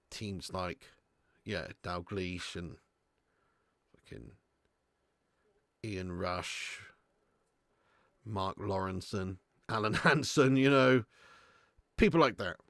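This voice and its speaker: During a casual football watch-along stream, a man in his thirties swears freely and responds to comments from viewers. He has a deep, fairly bright voice and speaks slowly with frequent pauses, and the recording is dry.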